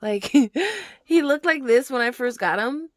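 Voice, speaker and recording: Young woman, casual plant vlog, unhurried, slightly high voice, talks to her plants, soft near-whispered asides. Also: expressive. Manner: drops to a near whisper at times. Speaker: plant vlogger.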